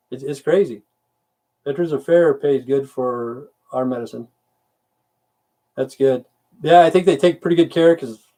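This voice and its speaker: This livestream host is a middle-aged military veteran with a medium-pitched, dark-toned voice. On his casual stream he reads viewer comments aloud and replies in a rambling, grumbling and profane manner.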